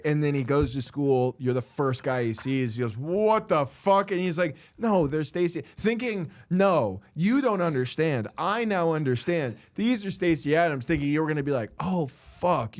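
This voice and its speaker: A man's voice: a little high, a little mellow. A man co-hosting a comedy podcast, joking casually and swearing a lot while he acts out little scenes. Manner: joking, profane, acts out characters. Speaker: podcast co-host.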